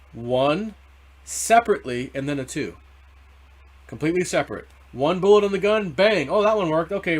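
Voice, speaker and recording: Rambling man retelling his dreams. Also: fairly high pitch. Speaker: crypto video host. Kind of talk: casual monologue.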